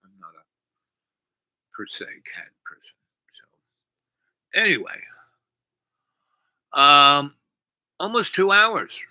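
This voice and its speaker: A man's voice: a little high, sing-song, takes it slowly, long pauses, bright, forceful tone, no echo, poor audio. A man hosting a long stream, telling a meandering story full of asides and restarts. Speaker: livestream host. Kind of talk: rambling storytelling.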